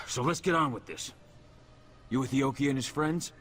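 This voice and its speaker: Man voicing a gruff orc smuggler. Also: medium pitch, moderate pace, a bit bright, natural voice. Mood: suspicious. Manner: gruff, blunt. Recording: game audio with music.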